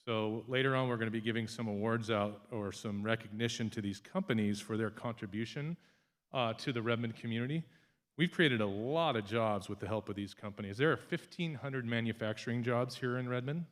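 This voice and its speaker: A man who is an economic development director, giving an energetic, enthusiastic speech to an audience. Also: lowish voice. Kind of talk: public speech.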